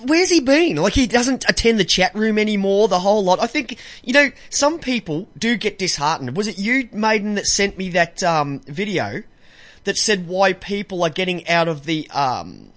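A man's voice: sits high, fairly bright tone. A man hosting a casual online show, a bit tipsy, rambling and stumbling over words with frequent laughs. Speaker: podcast host.

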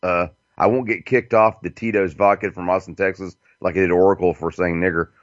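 A man's voice: deep voice, steady tone, quick pace, few pauses, no echo, lo-fi sound. A man hosting a casual internet radio show, rambling and profane, with frequent fillers and chuckles.

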